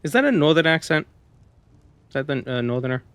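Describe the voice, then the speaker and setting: A man's voice: on the high side, big pitch swings, brisk, a bit bright, smooth, no echo, soft background music. A man streaming a video game, chatting casually, joking, and reading dialogue aloud. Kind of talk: casual gameplay commentary.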